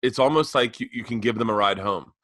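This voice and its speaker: Male podcast co-host, bright tone, loose storyteller, swears freely. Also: mid-range voice, fairly quick. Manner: rambling storyteller, acts out exchanges; profane. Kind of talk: casual comedic chat.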